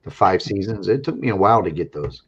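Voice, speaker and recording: A tired man chatting casually on an online video call, talking quickly and plainly. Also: low voice, animated, a bit bright, breathy edge, lo-fi sound. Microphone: video call mic.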